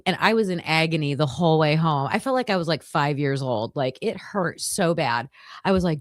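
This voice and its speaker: A woman's voice: deep voice, normal speed, no echo. Chatty woman hosting a livestream, dry sound. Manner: chatty, animated storyteller. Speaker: livestream host covering a trial. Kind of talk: casual chat to viewers.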